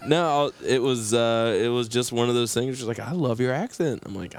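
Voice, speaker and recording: A man's voice: medium pitch, a little fast, slight background noise. A man from West Virginia with a West Virginian accent, co-hosting a podcast and telling stories in a joking, casual way. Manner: joking, storytelling. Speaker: podcast co-host, English teacher. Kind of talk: casual chat.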